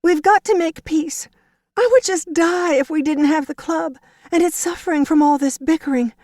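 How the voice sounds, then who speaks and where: A woman voicing a clingy, whiny young woman of twenty-five who pleads and wails in a high, tearful voice. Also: moderate pace, a little mellow, no room sound, clean studio sound, lightly acted. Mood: pleading.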